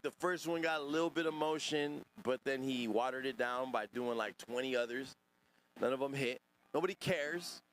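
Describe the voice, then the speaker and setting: A man's voice: on the high side, slight background noise. Profane man hosting a livestream. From Northern California. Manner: profane, rambling, talks to chat. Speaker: podcast host. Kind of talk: casual livestream chat reacting to chat.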